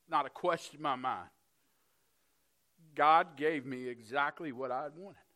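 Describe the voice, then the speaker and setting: A middle-aged man preaching a sermon, telling a personal story earnestly, moving between hushed moments and fired-up passages. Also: a little high.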